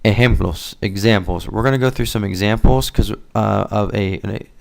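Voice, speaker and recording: Low gravelly guy teaching spanish, laid back, says words slow so you can repeat. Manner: relaxed, explains then models words slowly for repetition. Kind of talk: casual spoken language lesson.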